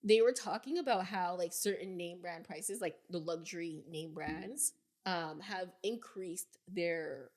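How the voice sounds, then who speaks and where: This twenties-aged woman co-hosts a podcast and tells meandering stories in relaxed chat. Her voice is lowish and darkish in tone, and she keeps a measured pace.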